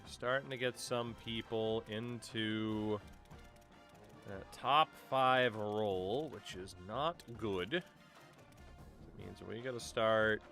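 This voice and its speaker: A man's voice: lowish voice, sharp tone. A man streaming a sports video game, chatting casually with his viewers and joking around, often laughing. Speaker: gaming streamer. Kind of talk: casual live-stream commentary.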